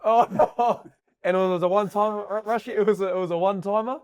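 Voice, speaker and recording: Quick jokey New host. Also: male voice, sits high, steady tone, a little mellow, smooth. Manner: quick, jokey, laughs along. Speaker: podcast host. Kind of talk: casual interview banter.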